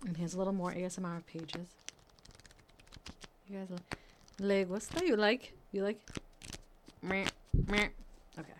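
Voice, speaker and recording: A woman's voice: mid-range voice, fairly even intonation, unhurried, pauses often, slight background noise. A woman hosting a solo podcast, ranting casually, swearing often and mocking herself, talking close to the microphone. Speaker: podcast host. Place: home room, painters working outside.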